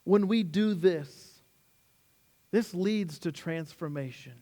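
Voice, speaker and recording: A man preaching as a pastor, animated in his storytelling, acting out quotes with sudden rises and then slowing and dropping low on key words. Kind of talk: sermon.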